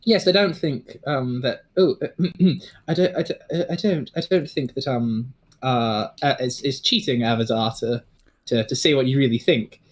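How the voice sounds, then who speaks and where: A man voicing a hesitant, nervous female noble in a tabletop game, stammering and halting. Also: mid-range voice, natural voice.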